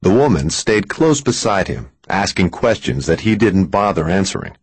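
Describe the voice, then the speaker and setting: A man reading a thriller audiobook in a measured, expressive storytelling manner. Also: sits low, slightly rough, no room sound. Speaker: audiobook narrator. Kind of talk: scripted thriller narration.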